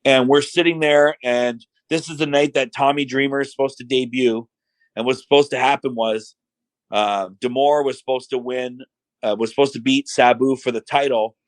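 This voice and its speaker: A man's voice: mid-range voice, moderate pace, no room sound, low-quality recording. A middle-aged man telling stories in a casual chat, acting out quotes in voices and saying "like" and "you know" often. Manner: animated storyteller who acts out quotes in voices; filler-heavy, says "like" and "you know" often. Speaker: podcast guest.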